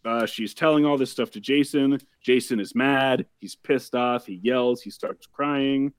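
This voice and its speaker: Podcast host, male, deadpan recap delivery, dry close mic, mid-pitched. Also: unhurried, clear, resonant tone, dry recording. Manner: wry, deadpan summarizing with profanity. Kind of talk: casual episode recap.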